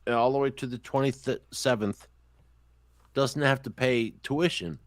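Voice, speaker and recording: Man, podcast host, profane animated storyteller, dry close sound, middle pitch. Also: unhurried, no echo. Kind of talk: casual chat, storytelling.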